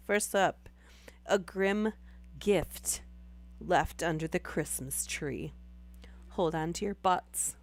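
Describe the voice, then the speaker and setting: A woman with a hoarse, worn voice after losing it, casually reading stories aloud on a live stream and laughing between lines. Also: fairly low pitch.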